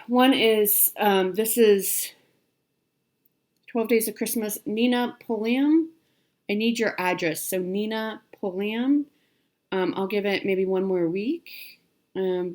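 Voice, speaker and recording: A woman vlogger chatting casually about cross-stitch supplies she received, gushing with frequent ums and little laughs. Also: medium pitch. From Pacific Northwest, United States. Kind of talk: casual chat showing stitching haul.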